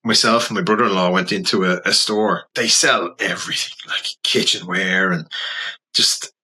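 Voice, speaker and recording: Man, Dublin accent, low husky voice, forceful delivery, animated storyteller, casual interview guest. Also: normal speed, low-quality recording. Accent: Dublin Irish. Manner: animated, anecdotal, slips into quoted voices. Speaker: portrait photographer guest.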